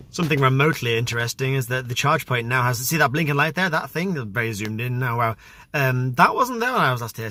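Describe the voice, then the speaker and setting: A man's voice: medium pitch, pushed and bright. A young man vlogging about his day, chatty and self-deprecating, talking his thoughts aloud. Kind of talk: casual vlog narration.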